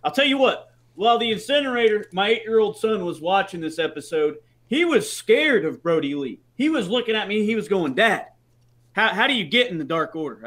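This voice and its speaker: A man in his thirties with a high, bright voice joins a casual chat. He tells stories and agrees readily, keeping his remarks brief. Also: lively intonation, fairly quick. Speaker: podcast co-host.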